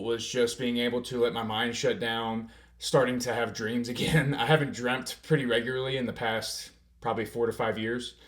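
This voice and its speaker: A young man hosting a fitness podcast, talking in a calm, earnest, reflective way with frequent filler words. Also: medium pitch. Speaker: podcast host and personal trainer.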